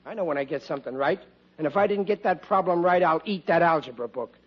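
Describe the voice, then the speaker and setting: A man's voice: fairly high pitch, quick pace, natural voice. An actor playing a blustering, bumbling working-class father in a 1940s radio comedy, stammering when flustered, on a lo-fi old broadcast.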